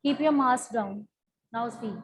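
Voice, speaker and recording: Woman, Indian English accent, high-pitched, teacher, class lesson, patient prompting. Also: a little slow, poor audio. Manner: repeats questions, coaxing students to answer.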